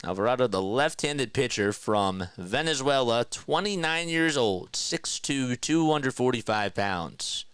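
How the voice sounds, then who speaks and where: A young man doing live baseball play-by-play on a close mic, his voice bright and forward with a smooth, crisp ring. He climbs high and loud when a play turns exciting, then settles back low and relaxed to talk with his viewers. The sound is dry and close, with no room in it. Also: a little slow, hardly any pauses, no room sound. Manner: rises sharply in pitch and volume on big plays, calm and low when reading chat. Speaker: play-by-play host of an online stream.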